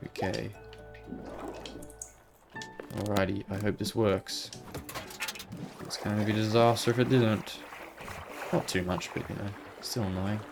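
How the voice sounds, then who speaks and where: A man's voice: lowish voice, level tone, unhurried, vocal fry, long pauses, music in the background. A man giving casual, muttering running commentary as he plays a video game. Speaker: gaming video host. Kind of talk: casual let's-play commentary.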